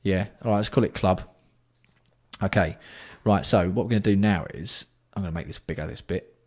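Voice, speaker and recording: A man hosting a casual livestream, bantering with chat and swearing freely while keeping his voice fairly hushed. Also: low-pitched, a little fast. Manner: banter-filled, sweary, reads out and answers chat. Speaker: livestream host.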